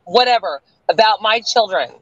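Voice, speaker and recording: A woman's voice: medium pitch, animated, normal speed, dry recording. A woman guest on a livestream call, ranting in a furious, profane, threatening way. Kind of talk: angry livestream rant. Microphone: online stream call audio. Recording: dull lo-fi stream audio.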